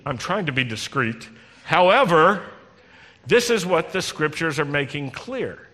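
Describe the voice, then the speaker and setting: Give me a man giving a sermon as a rabbi, bright and direct, with a long hall echo. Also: a little high. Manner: conversational preaching, teasing the congregation, addresses listeners directly. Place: congregation hall. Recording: long reverb in a large hall.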